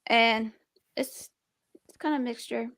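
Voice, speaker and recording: A young woman with a slight speech impediment chats on stream in a higher-pitched, rambling way. She keeps restarting her sentences. Her voice sounds close and dry, with no room echo. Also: fairly even intonation, slow, a bit bright. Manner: rambling, restarts, talks about being nervous and defensive. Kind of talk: casual chat.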